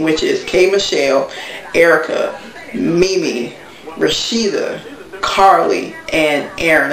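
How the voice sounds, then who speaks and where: Gravelly woman in an echoey room. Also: low voice, recorded from a distance. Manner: blunt, gossipy, talks straight to viewers. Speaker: TV recap vlogger. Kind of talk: casual episode recap.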